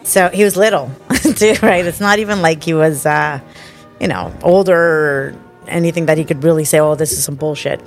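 A middle-aged woman co-hosting a casual podcast chat, telling stories with loud acted-out quotes, big laughs and lots of swearing. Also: low voice, normal speed, soft background music. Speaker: podcast co-host. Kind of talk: casual chat, animated storytelling.

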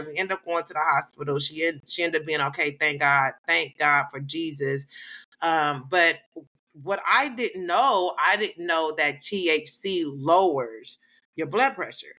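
A woman co-hosting a casual podcast, telling a story in an animated, slangy and profane way, laughing often and acting out what people said. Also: mid-range voice. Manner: animated, laughs often, acts out quoted voices. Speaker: podcast co-host.

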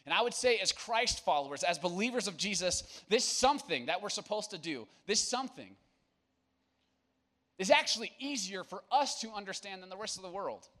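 A man's voice: high-pitched, expressive, moderate pace, fairly bright tone. A young man preaching to young people at church, casual and joking, then turning earnest. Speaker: youth pastor.

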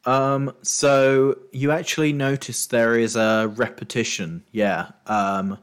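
A man running a tabletop game as game master, narrating scenes with frequent ums and pauses. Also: mid-range voice, steady tone, smooth. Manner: hesitant, lots of ums while describing.

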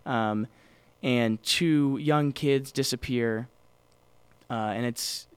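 This is a man with a smooth, clear voice, co-hosting a podcast in a loose, rambling way, full of ums and restarts. He sounds close and dry, with no room around him. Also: mid-range voice, very slow, no room sound. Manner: rambling, many fillers and restarts. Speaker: podcast co-host. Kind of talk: casual chat.

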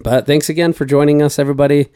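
A man co-hosting a casual podcast, easygoing and quick to laugh. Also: fairly high pitch, little pitch movement, mellow, clean tone, no echo, studio quality. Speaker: podcast co-host.

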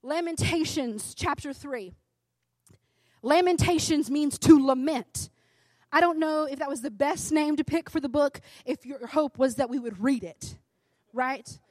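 High-voiced, chatty woman preaching. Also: unhurried, darkish tone, no echo. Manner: chatty, keeps asking "right?"; emphatic, rises to fervent urging. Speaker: devotional speaker. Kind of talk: conversational sermon.

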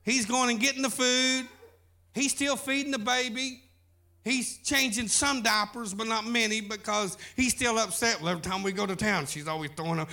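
A man's voice: high-pitched, normal speed, bright, forceful tone. A man preaching a sermon, telling a folksy story as pastor.

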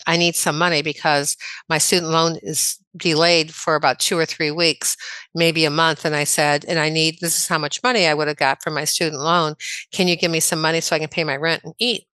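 A woman in her sixties from the American Midwest, a chiropractor telling personal stories in a casual interview, chatty and quick to laugh. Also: low-pitched, bright, forceful tone, clear, resonant tone, no echo. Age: 60s. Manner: chatty, anecdotal, laughs often. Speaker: podcast guest, chiropractor.

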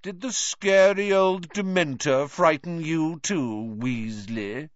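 A man's voice: a little high, slow pace, no echo, muffled recording, voice pushed up. A man voicing a spiteful, taunting schoolboy in a storybook reading, with a drawling, sneering delivery.

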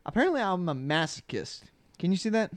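A man's voice: high voice, big pitch swings, fairly quick, no echo. A young man hosting a podcast in casual chat, rambling, laughing often and restarting his sentences. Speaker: podcast host.

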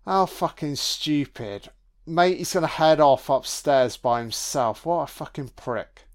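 Slow, sweary man. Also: fairly high pitch. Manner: sweary, sarcastic, mocking. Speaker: film commentator. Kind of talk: casual film commentary.

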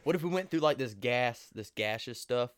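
A man's voice: mid-range voice, expressive, normal speed, clear, resonant tone, no room sound, clean studio sound. A man co-hosting a casual podcast chat, joking around and asking playful questions. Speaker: podcast co-host.

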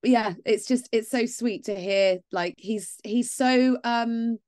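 A woman's voice: fairly high pitch, animated, takes it slowly, darkish tone, no room sound, clean studio sound. Bubbly woman co-host. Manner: bubbly, agreeable, lots of "yeah". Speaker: podcast co-host and strength coach. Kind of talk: casual podcast chat.

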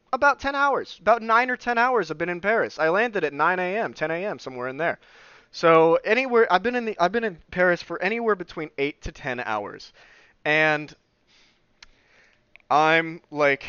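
A man's voice: on the high side, pushed and bright, clear, resonant tone, no room sound. A young man telling a personal story on his podcast, swearing freely and acting out the voices of people he quotes. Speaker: podcast host. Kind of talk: casual storytelling. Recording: slightly dull lo-fi sound.

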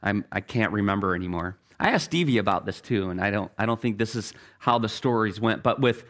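A middle-aged man preaching a sermon as pastor, earnest, telling stories and slowing down for key phrases. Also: lowish voice, expressive, fairly bright tone.

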